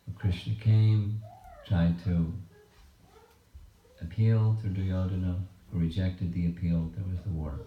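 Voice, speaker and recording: A man giving a scripture class at a home program, retelling the story in slow, measured, halting phrases. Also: sits low, steady tone, slight background noise. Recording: dull, roomy recording from a distance.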